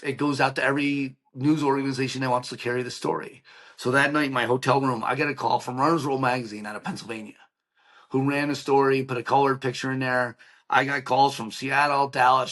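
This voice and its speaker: Speaking fairly quickly at a medium pitch, this middle-aged podcast guest recounts something personal and emotional with plenty of energy. He performs the quoted dialogue himself and leans heavily on "like" and "right?" as fillers.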